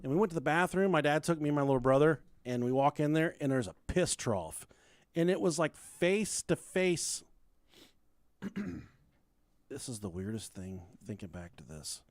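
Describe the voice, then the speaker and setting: Podcast co-host, male, a bit high-voiced, rambling and crude, laughs through his own stories, dry close mic. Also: lively intonation, moderate pace, dry recording. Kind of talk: casual storytelling chat.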